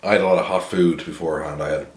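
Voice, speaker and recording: A man's voice: very deep voice, steady tone, rapid-fire, reverberant. An Irish man hosting a casual beer review to camera, rambling and wry, with blunt opinions and plenty of fillers. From Ireland.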